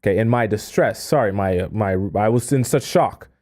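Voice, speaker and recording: Hosting a dating-advice live stream, a man with a lowish, darkish voice at normal speed reads a letter aloud. He stammers in disbelief, trails off into mutters, and breaks into laughter, sounding incredulous.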